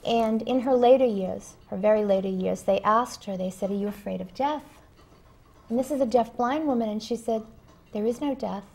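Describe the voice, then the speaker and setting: A woman working as a spiritual medium who talks earnestly in an interview, telling stories with emphatic pauses. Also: on the high side, vocal fry, darkish tone, breathy edge. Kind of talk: interview conversation.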